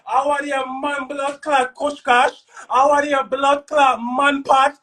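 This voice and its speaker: A man with a Jamaican accent ranting loudly on a live stream, cursing and repeating himself. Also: extremely high pitch, flat delivery, slow, recorded from a distance. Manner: loud, cursing, repetitive. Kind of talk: heated live-stream rant.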